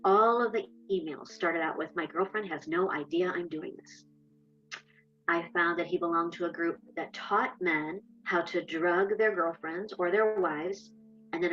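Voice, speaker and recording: Woman telling her story straight, lowish voice, dull audio, soft music behind. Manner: candid, reenacts dialogue. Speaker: interviewee. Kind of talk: personal testimony.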